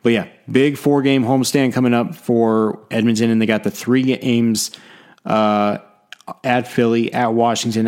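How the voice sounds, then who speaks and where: A man's voice: medium pitch, a little mellow. Chatty man rambling about hockey. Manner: chatty and rambling, quick bursts with self-deprecating asides. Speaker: podcast host. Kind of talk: casual sports commentary podcast.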